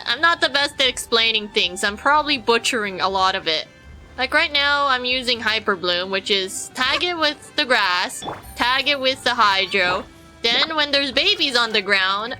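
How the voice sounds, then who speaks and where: Woman, streamer, casual gameplay commentary, rambling chatty explanations, slightly high voice, faint music behind. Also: pushed and bright, low-quality recording.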